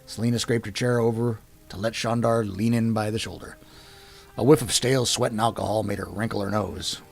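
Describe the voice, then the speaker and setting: Gravelly male storybook narrator. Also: fairly low pitch. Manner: expressive, varied delivery. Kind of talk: storybook reading.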